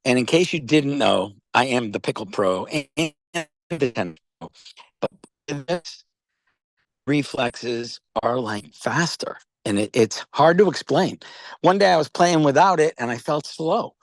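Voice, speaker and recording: Rambling older New man, gravelly. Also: mid-range voice, animated, measured pace, no room sound. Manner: rambling storyteller, repeats words, says "okay?" and "all right?" often. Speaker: company founder pitching wellness products. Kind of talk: casual video-call chat.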